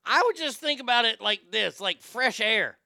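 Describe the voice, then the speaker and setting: High, bright-voiced man rambling mockingly. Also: animated, normal speed, gravelly, dry recording, studio quality. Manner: rambling, stammering restarts, mocking. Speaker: livestream host. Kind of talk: casual commentary.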